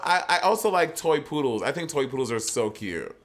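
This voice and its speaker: A man's voice: a little high, lively intonation, fairly quick. A man from Saint Lucia co-hosting a podcast, chatting casually, rambling through stories and laughing readily. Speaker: podcast co-host. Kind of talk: casual chat.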